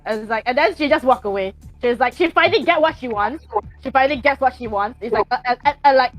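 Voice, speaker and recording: A woman's voice: sits high, quick pace, soft background music. A woman playing a tabletop role-playing game, describing her character in a rambling way full of "like" and giggles. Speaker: player.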